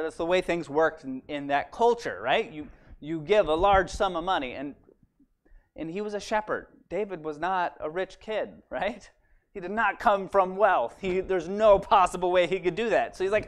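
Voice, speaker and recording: Male church teacher, higher pitch, animated casual storyteller. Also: normal speed. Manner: animated storyteller, acts out quotes, fillers like "right?". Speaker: Bible study teacher. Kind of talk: casual Bible retelling.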